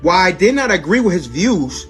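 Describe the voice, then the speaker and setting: Swearing man in a lively, heated rant. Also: high voice, moderate pace, over music. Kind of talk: casual video rant.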